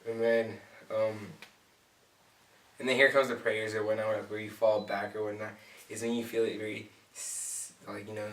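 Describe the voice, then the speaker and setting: A young man co-hosting a couple's channel, telling their story in a joking, mock-dramatic way, often trailing off softly. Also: lowish voice, level tone, normal speed, pauses often, a little hiss or hum. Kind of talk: casual storytelling chat. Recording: echoey room, far from mic.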